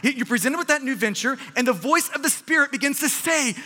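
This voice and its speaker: A man preaching a sermon, animated, often repeating words as he presses a point. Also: very high-pitched, fast talker, few pauses, long reverb tail. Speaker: pastor.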